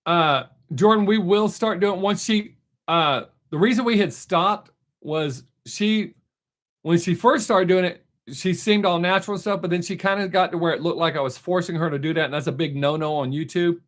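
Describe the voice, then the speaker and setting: An older man hosts his weekly live stream and answers viewer questions in a loose, easygoing way. He rambles a little, stops to restart his sentences and fills the gaps with "uh." His voice sits a bit higher than most men's. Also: normal speed. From United States. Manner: relaxed, rambling, with many fillers and restarts. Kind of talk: casual chat answering viewers.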